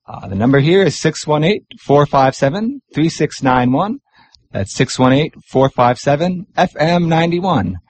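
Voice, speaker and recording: A man hosting a community radio show in a studio, chatting casually and pausing often with fillers. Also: a little high. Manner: relaxed, chatty, pauses with many fillers.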